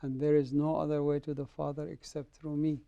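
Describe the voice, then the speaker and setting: A man's voice: on the high side, fairly quick, vocal fry, no room sound, lo-fi sound. A middle-aged man from the Middle East, a guest telling his conversion story in an interview and acting out the dialogue. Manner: animated storyteller, acts out dialogue. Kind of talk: personal testimony in an interview.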